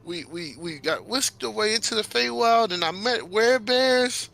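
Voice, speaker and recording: A man's voice: high voice, lively intonation, moderate pace, gravelly, bright, forceful tone, soft background music, voice pushed up, exaggerated voice. Man doing a breathless, rambling young hero. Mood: excited. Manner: rambling, stammering, tumbling words. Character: excited young man babbling to his parents.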